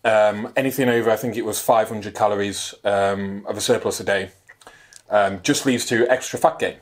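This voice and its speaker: A man's voice: lowish voice, fairly even intonation, normal speed. A man, co-hosting a casual fitness podcast, rambling and swearing as he mocks himself. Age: 30s. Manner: rambling, sweary, self-mocking. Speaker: podcast co-host. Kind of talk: casual banter.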